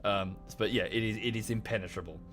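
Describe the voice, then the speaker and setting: A man's voice: lowish voice, fast talker, a bit bright, soft background music. A man in his thirties streaming a game, talking casually and rambling into a rant, close to the microphone. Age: 30s. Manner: rambling, ranting. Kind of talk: casual live-stream chat.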